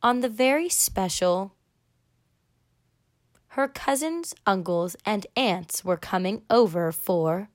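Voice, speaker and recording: A woman host leading a fill-in-the-blank story game, speaking slowly and leaving pauses. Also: mid-range voice, lively intonation, dry recording, clean studio sound.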